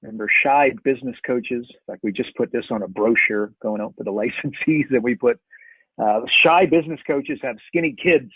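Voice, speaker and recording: An energetic man hosts a live call in a loose, joking way and laughs often. He sits at a middle pitch. The sound is dry and tinny, like a phone line. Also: a little fast, gravelly, breathy edge, dry recording. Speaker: host. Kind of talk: casual live call chat.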